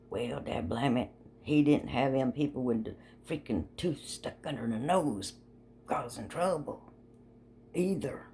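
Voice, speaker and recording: Older woman, gravelly voice, chatty folksy storytelling, frequent laughs, faint background noise. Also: very deep voice, unhurried, warm tone. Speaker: vlogger. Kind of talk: rambling personal storytelling.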